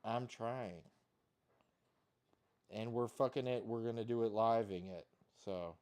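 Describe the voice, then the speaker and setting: A man's voice: mid-range voice, steady tone, slow, darkish tone, clean tone. Rambling, swearing man cooking at home. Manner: rambling, self-deprecating, swears casually. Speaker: home cook vlogger. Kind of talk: casual kitchen chat.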